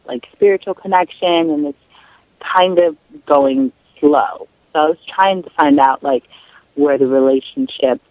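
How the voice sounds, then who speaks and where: A woman caller from Georgia asking a question over the phone, halting and pausing mid-phrase. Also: low voice, gravelly, no room sound. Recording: tinny phone line.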